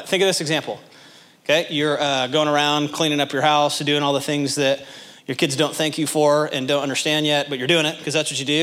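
A pastor preaching to his congregation, asking them direct questions and acting out little scenes in voices. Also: on the high side. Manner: animated, acts out little scenes in character voices. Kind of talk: sermon.

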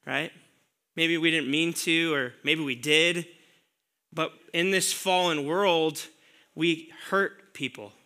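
A man preaching a sermon to a congregation, conversational and earnest, asking the listeners rhetorical questions and dropping soft on key words. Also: fairly high pitch, steady tone, slow. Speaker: pastor.

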